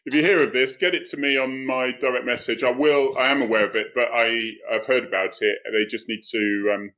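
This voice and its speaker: A man's voice: mid-range voice, fairly even intonation, fairly quick, bright, forceful tone, low-quality recording. A middle-aged man with a Cornish accent hosting a live stream, chatting casually and laughing often as he tells stories. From Cornwall. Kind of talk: casual chat. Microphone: computer mic on a live stream.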